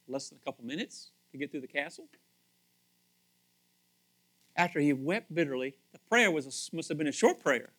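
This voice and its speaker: A male pastor gives a casual, talkative sermon, his voice a little higher than most men's. Thinking aloud, he repeats phrases often, pushing some words out loudly and dropping others to a hush.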